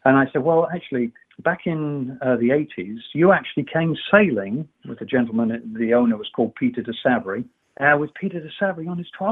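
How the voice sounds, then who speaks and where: Male guest, rambling lively storyteller, tinny phone-line sound. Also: fairly high pitch, normal speed, husky. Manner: rambling, animated storyteller doing voices. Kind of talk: casual anecdote telling.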